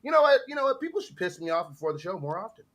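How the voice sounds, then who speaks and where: Bright-voiced, ranting, swearing man. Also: sits high, big pitch swings, racing. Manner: profane, ranting, loud. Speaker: stream host. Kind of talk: casual livestream chat.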